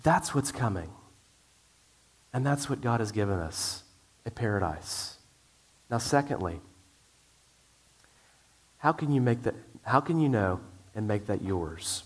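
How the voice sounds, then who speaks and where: A man's voice: lowish voice, expressive, a little slow, long pauses, slightly rough. A middle-aged male pastor preaching a sermon in an earnest way, with frequent restarts.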